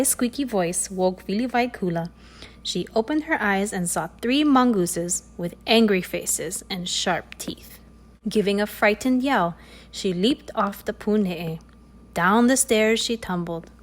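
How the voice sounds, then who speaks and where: A woman reading a children's story aloud in an expressive, playful way. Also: mid-range voice, takes it slowly.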